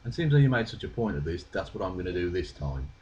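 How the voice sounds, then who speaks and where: A man's voice: low-pitched, big pitch swings, quick pace, darkish tone, muffled recording, slight background noise. A man with a British accent giving dry, sarcastic, profane rebuttals. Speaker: video creator responding. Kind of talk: rebuttal commentary.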